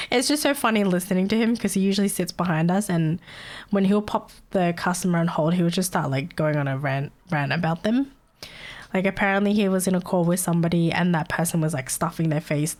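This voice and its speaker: A young woman streaming live, chatting casually with her viewers, chatty and giggly and swearing freely. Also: on the low side.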